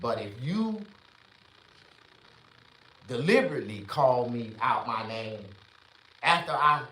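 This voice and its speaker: A man doing a profane, rambling stand-up rant, jumping from shouted bursts to low mutters. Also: lively intonation, slow, far from the mic. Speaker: stand-up comedian. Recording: echoey room, voice off-mic.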